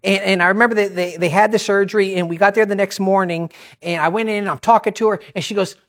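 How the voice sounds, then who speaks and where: A man's voice: high-pitched, fairly even intonation, fast, fairly bright tone. A visiting preacher giving a sermon, a man telling stories conversationally with joking asides and self-interruptions. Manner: repeats phrases, self-interrupting.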